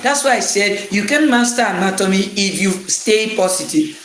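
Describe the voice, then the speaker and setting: A man's voice: high voice, animated, moderate pace, hardly any pauses, a bit bright, reverberant, a little hiss or hum. Man lecturing in a rhythmic, repetitive cadence. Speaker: anatomy teacher. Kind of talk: motivational lecture.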